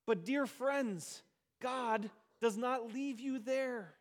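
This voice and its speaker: A pastor preaching a sermon, speaking emphatically and slowing down to stress key phrases, sometimes soft and sometimes loud. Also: male voice, very high-pitched.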